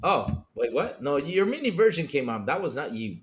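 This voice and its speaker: A man's voice: a little high, sing-song, normal speed, over a noisy crowd. A man hosting a casual gaming podcast, joking around and calling everyone brother. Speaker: podcast host.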